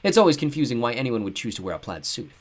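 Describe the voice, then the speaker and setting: A man narrating an audiobook with expressive storytelling and wry asides. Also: medium pitch, racing. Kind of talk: scripted narration.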